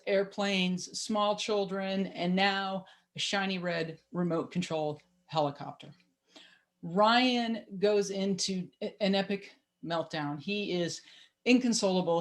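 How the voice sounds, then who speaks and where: A woman in her thirties tells a personal story with lively, wry, self-mocking humor. Her voice sits at an everyday middle pitch. She comes through a video call.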